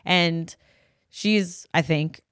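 A woman's voice: lowish voice, very slow, clear, resonant tone, no room sound, clean studio sound. A middle-aged woman co-hosting a podcast, chatting casually and acting out the voices in her stories. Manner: animated storytelling, acts out quoted voices. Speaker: podcast co-host. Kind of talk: casual chat.

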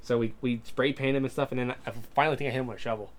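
A man's voice: medium pitch, steady tone, very fast, a crowd in the background. A young man co-hosting a podcast, telling stories in casual chat, swearing and laughing often. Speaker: podcast co-host.

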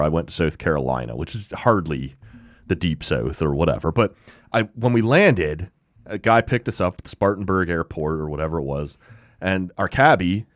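A man hosting a relaxed interview, telling stories easily and laughing often, with tag questions like "right?". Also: deep voice, dry recording, clean studio sound. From Canada. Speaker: podcast host. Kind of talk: casual conversational interview.

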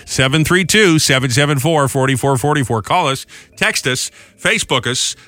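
A man hosting a morning radio show, joking and bantering with a co-host and callers. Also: a little high. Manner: jokey, fast banter with hammy put-on drawls.

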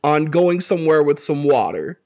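A man co-hosting a podcast in casual chat who rants in an animated way and swears freely. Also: on the high side, normal speed. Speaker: podcast co-host.

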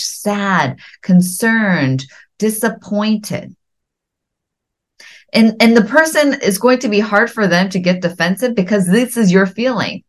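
A middle-aged woman hosting a podcast, giving earnest, gentle coaching and slowing down to stress key words. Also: medium pitch. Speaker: podcast host.

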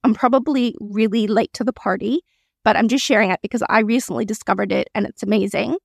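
Husky-voiced woman hosting a chatty podcast. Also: medium pitch, steady tone, fast, no room sound, clean studio sound. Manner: chatty and candid, with frequent laughs and "right?" asides. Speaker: podcast host. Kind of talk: solo reflective podcast talk.

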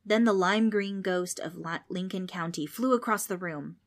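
A woman narrating a children's storybook in an expressive, playful way. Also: lowish voice, moderate pace.

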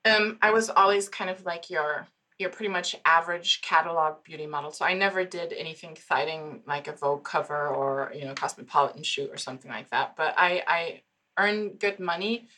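A woman's voice: low-pitched, a little fast. A woman in her forties, a psychologist and founder from Germany, chatting as a podcast guest and laughing often as she tells stories. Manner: laughs often, animated storyteller. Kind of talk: casual interview chat.

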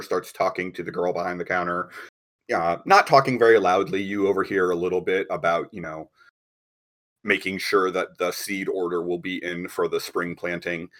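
A man narrating as game master of a tabletop game, relaxed and rambling with many fillers and restarts. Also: low voice.

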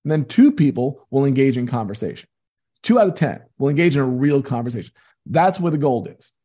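Husky-voiced man telling earnest stories. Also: mid-range voice, big pitch swings, brisk, mellow. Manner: earnest, emphatic storyteller. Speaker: interview guest, business coach. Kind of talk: conversational interview.

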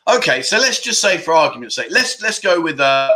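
Animated chatty man host. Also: on the high side, brisk, low-quality recording. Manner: animated, chatty, jokey, rambling. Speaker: livestream host. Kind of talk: casual livestream chat reading comments.

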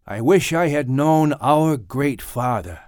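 A man voicing a devoted grown son caring for his dying father, speaking earnestly and gently in a storybook reading. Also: a little high, expressive, slow, no room sound, clean studio sound.

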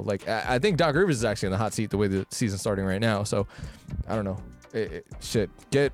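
Low-voiced man ranting about sports. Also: steady tone, quick pace, hardly any pauses, faint music behind. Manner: rambling, frustrated sports rant with fillers. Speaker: podcast co-host. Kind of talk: casual chat.

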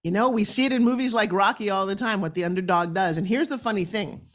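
An emphatic woman with a New York accent, speaking as a podcast guest. She tells her story in a candid, blunt and animated way, at a mid pitch for a woman. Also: fast.

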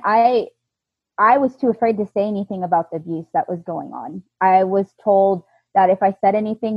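A woman being interviewed, telling her own story in an earnest, halting way with frequent restarts. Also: medium pitch, husky, dry recording, dull audio. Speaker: interview guest.

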